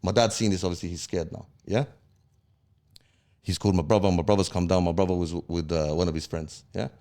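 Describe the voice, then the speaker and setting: A man's voice: sits low, steady tone, fairly quick, mellow. A man, a podcast guest heatedly retelling events in street slang and checking in with "yeah?" after each point. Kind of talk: casual storytelling interview.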